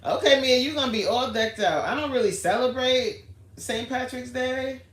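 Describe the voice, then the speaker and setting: Her voice sits high and a bit bright, moving at a moderate pace as she hosts a laid-back livestream. Chatty and storytelling, she greets viewers in the chat by name before diving into a tale. Faint background noise and a roomy echo color the sound.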